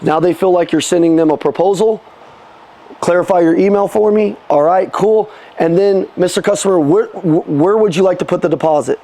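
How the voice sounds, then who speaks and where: A man's voice: high voice, warm tone. A man leading a live sales seminar, coaching the room with punchy call-and-response lines and casual, sometimes swearing talk. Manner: casual, swears, quick restarts. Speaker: sales trainer.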